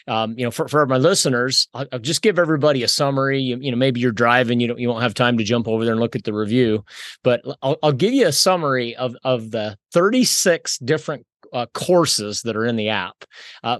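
A man hosting a podcast, chatty and energetic, often repeating words as he talks. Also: mid-range voice, a little fast, no echo, clean studio sound. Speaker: podcast host. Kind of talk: casual podcast conversation.

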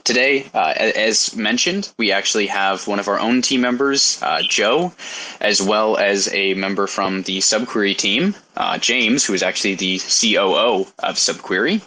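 A man hosting a live audio discussion, relaxed and rambling with frequent fillers. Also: on the low side, moderate pace, low-quality recording. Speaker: host.

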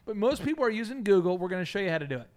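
Man, high voice, very lively pitch, joking, animated host chatter. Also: very fast. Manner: animated, jokey, bursts into silly high voices. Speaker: podcast host. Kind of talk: comedic business podcast chat.

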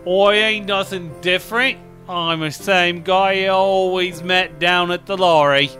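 A man's voice: sits high, steady tone, a little slow, bright, forceful tone, soft background music. An actor playing an American man who insists he is British, in a chirpy put-on British accent full of slang, in a comedy sketch. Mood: chipper. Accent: put-on British English. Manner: chirpy, stubborn, slang-heavy. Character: American man faking a cheery British persona.

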